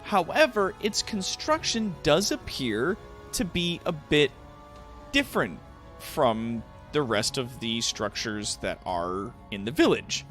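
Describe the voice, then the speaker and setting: A man narrating a tabletop game as game master, relaxed, with frequent fillers. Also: mid-range voice, slow, faint music behind.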